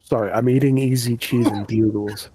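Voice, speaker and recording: A man's voice: medium pitch, fairly even intonation, moderate pace, warm tone, a little hiss or hum, low-quality recording. A man in casual gaming voice chat, rambling and teasing his friends, swearing freely. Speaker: streamer in voice chat.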